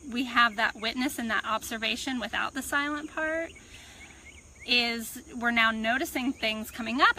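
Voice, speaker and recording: Woman coach, bright tone, unhurried and thoughtful, recorded outside with soft insect and bird sounds. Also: fairly high pitch, a little hiss or hum, poor audio. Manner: calm, reflective, unhurried teaching. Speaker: personal growth coach. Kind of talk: self-help talk to camera. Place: outdoors on a farm. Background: birds and crickets.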